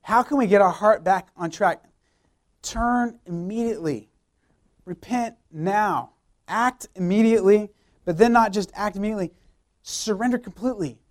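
A young man, a youth pastor, preaching a sermon with emphatic repeated phrases and rhetorical questions. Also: high voice.

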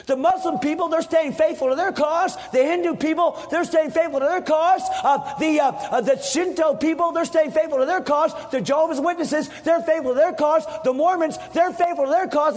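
A man preaching a fiery sermon as pastor, repeating his points, swinging from shouts down to hushed tones. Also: extremely high pitch, normal speed, few pauses. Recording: long hall reverb.

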